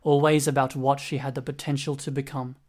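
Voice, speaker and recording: A cold, calculating male hacker, voiced by a man in an audiobook reading. His speech is flat and dismissive, barely moving in pitch, and his tone stays clipped and unmoved. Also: fairly quick, lightly acted.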